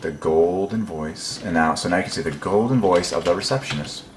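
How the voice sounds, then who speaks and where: A man's voice: deep voice, animated, fast talker, reverberant, slight background noise. A man giving a casual solo preaching talk, rambling and musing with frequent ums and chuckling to himself. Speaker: religious video presenter.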